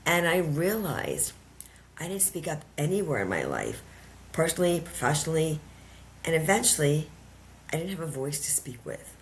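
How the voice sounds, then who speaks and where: A woman with an unusually deep voice shares a personal story as a podcast guest. She talks earnestly, circling back with emphatic repeated phrases, and a faint hiss sits under her voice. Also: very animated, normal speed. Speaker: podcast guest, empowerment coach.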